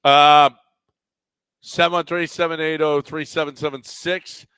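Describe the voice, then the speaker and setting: A man's voice: fairly high pitch, level tone, measured pace, bright, forceful tone, clean tone, no echo. A man co-hosting a sports radio show, giving out the call-in number and bantering. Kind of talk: casual sports talk. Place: radio studio.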